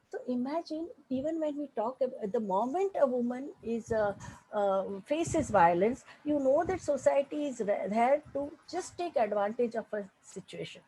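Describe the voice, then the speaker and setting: A woman's voice: high-pitched, lively intonation, moderate pace, mellow, a little hiss or hum, rough recording. An older woman with an Indian accent, a women's rights activist speaking earnestly and emphatically in a panel talk, often restarting her sentences, over a video call.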